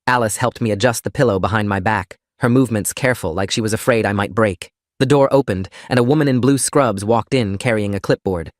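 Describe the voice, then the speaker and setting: A man narrating a first-person story in a steady, plain reading voice. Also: on the low side, brisk, few pauses, dry recording, clean studio sound.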